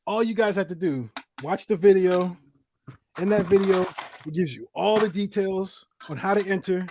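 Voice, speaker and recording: A man with a slightly high voice hosts a casual chat show. He jokes and laughs easily and keeps the talk rolling between announcements. Faint clicking sounds sit behind him. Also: normal speed, darkish tone, a little hiss or hum. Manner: joking, laughs often, runs giveaway announcements. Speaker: podcast host.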